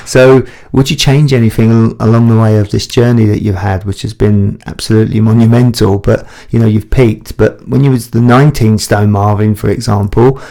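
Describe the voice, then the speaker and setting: Gravelly-voiced man hosting a podcast. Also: fairly low pitch, fairly even intonation, a little fast, few pauses, dark tone. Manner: friendly, encouraging, laughs along. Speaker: podcast host. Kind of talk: casual interview chat.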